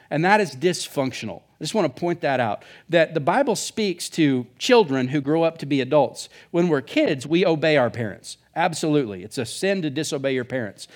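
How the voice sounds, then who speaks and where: A male pastor preaching a sermon in a casual, joking way, full of asides. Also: a little high. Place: church.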